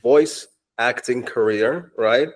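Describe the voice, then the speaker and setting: A man's voice: medium pitch, slow pace. A man hosting a podcast interview, enthusiastic and affirming. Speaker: podcast host. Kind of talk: casual interview.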